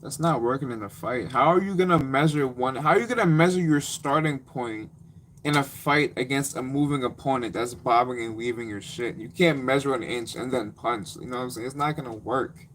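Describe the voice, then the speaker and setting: Young male streamer, casual slangy rambler, mid-pitched voice. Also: a little fast, a bit bright, a little hiss or hum. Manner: rambling, slangy, laughing storyteller. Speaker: live streamer. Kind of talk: casual live-stream chat.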